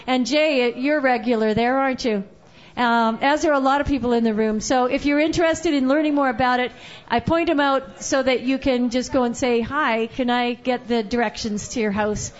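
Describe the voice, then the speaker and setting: Woman, high voice, chatty stage emcee, teasing banter, muffled live recording. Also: fairly even intonation, normal speed. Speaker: emcee of a songwriters' night.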